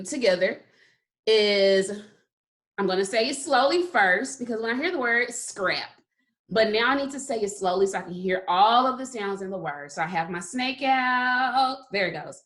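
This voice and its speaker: A woman's voice: medium pitch, animated, normal speed, a bit bright. A woman teaching a kindergarten phonics lesson, patiently stretching out sounds and praising often. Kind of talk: slow phonics lesson for young children.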